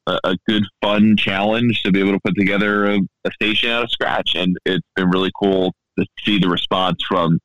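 Low-voiced guy from baltimore way chatting golf, dry dull audio, lots of uhs. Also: a little fast, hardly any pauses, no room sound. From Baltimore area, USA. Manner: relaxed, chatty, many fillers and restarts. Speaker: golf podcaster and radio station founder. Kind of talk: casual podcast chat.

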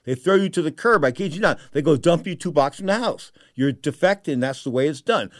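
A middle-aged man from San Francisco hosting a talk radio show, telling stories in an emotional, animated way with repeated phrases. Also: a little high, no room sound, studio quality. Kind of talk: storytelling talk radio monologue.

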